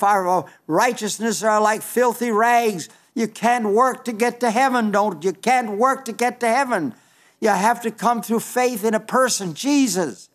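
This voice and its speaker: A man preaching a sermon in an earnest, emphatic way, often restarting his sentences. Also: high voice.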